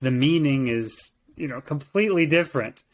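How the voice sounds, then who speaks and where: A man's voice: mid-range voice, normal speed. Man teaching a casual Bible lesson. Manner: thoughtful, many restarts and repeated words. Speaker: co-host, teacher.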